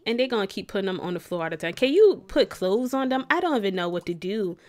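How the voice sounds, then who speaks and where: A young woman in her twenties giving casual let's play commentary, excitable and gasping in disbelief. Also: mid-range voice, fast. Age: 20s. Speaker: gaming YouTuber.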